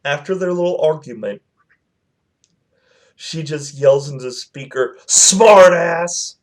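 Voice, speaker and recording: A man's voice: fairly high pitch, a little slow, a little mellow. A man telling a personal story to his channel in a casual, rambling way, with lots of fillers and quoted back-and-forth.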